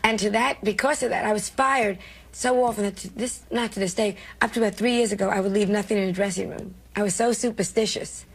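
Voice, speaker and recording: Older new york comedian lady, gravelly rough voice, brash and self-mocking, laughs at herself a lot. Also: medium pitch, fairly even intonation, fast talker. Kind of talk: candid interview storytelling.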